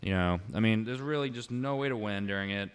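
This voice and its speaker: A young man with a smooth, resonant voice rants in casual conversation with a friend. He swears constantly and gets animated and loud as he vents his frustrations. His tone is heated and exasperated throughout. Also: fairly low pitch, fast. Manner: profane, ranting, animated. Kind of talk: casual chat.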